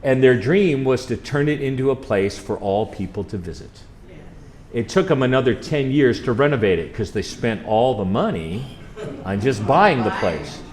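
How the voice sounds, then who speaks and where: A college chaplain gives a slide-show presentation about a trip, telling stories and quizzing the live audience in a chatty way. His voice is mid-range and expressive, at normal speed.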